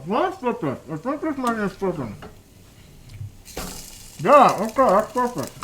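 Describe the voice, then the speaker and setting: Hosting a live baking stream from his home kitchen, a man with a high-sitting, fairly bright voice chats casually and playfully, talking to himself and humming little tunes while he cooks. There's slight background noise.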